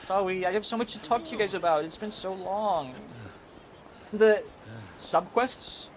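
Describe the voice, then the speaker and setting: A man's voice: high-pitched, measured pace, slight background noise. A man streaming a video game live, chatting casually with his viewers, rambling, swearing freely and laughing often. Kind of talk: casual live-stream chat while gaming.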